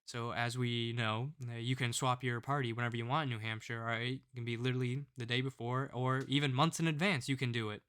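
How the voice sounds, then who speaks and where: A man delivering a political commentary vlog with a smooth, resonant voice. He rants with open scorn and keeps driving his points home with a pushy "all right?". The pitch sits at an ordinary middle male level. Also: fairly even intonation, a little fast, hardly any pauses, fairly bright tone.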